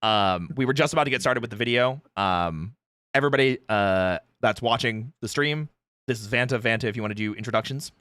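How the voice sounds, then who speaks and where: A male streamer hosting a casual group chat, explaining trivia in an animated, talkative way. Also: mid-range voice, fairly quick, no room sound. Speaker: streamer host.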